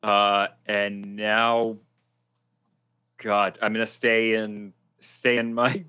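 A man's voice: lowish voice, flat delivery, extremely slow, sharp tone, clean tone, lo-fi sound. A man playing in a tabletop role-play, hesitant and playful, with many fillers. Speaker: player.

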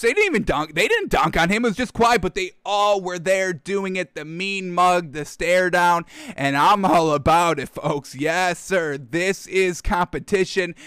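A man's voice: sits high, a bit bright, clear, resonant tone, dry recording, studio quality. A man hosting a casual sports talk show, enthusiastic and chatty, often addressing his audience directly. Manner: enthusiastic, keeps addressing "folks".

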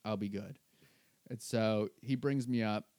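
A man's voice: lowish voice, measured pace, dry recording, clean studio sound. A man, a stand-up comedian, telling a story in casual podcast talk and acting out what other people said. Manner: animated, acts out the other people's lines. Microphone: podcast microphone.

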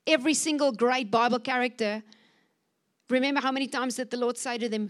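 A woman preaches a fervent sermon to her church, her voice sitting a little high. She pushes her listeners with urgent exhortation and bursts louder when she acts out the words of scripture. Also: a little fast. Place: church service.

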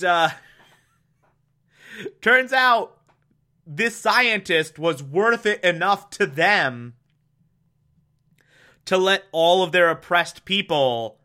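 A man giving a casual, animated recap of a TV episode, with frequent exclamations. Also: high voice. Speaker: show recapper.

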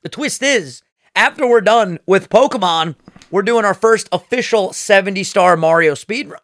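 A young man co-hosting a casual podcast, excitable and profane, with loud bursts when he gets worked up. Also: high voice, moderate pace. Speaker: podcast co-host. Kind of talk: casual chat.

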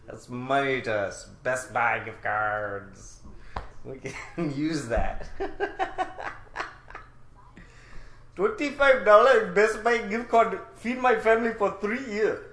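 A man's voice: high-pitched, expressive, a bit bright, exaggerated voice. Brief: man playing a pushy Indian-accented male scammer, exaggerated and giggly, echoing room. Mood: boastful. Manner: mocking, giggling, drawn-out exaggerated delivery. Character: pushy male phone scammer demanding gift cards. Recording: roomy echo.

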